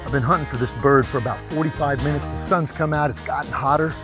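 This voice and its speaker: A man hosting a hunting show, giving excited outdoor commentary in the field, at times dropping to a hushed voice. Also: medium pitch, fast, over music.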